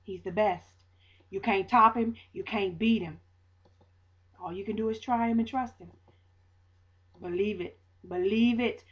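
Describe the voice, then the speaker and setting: A woman's voice: medium pitch, a little slow, pauses often, dull audio. A woman giving a casual spoken faith testimony to viewers in Southern US vernacular, preachy, repeating her lines for emphasis. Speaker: vlogger sharing a faith testimony.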